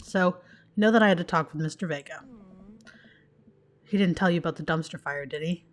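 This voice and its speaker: A woman's voice: on the low side, a little fast, natural voice. A woman voicing a goofy, sentimental middle-aged dad in a dating game, with dorky jokes. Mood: fond.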